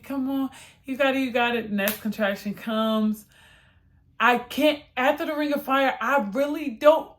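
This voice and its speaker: A woman telling a personal story in a chatty, animated way, laughing often and acting out quoted lines in a higher voice. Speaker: vlogger.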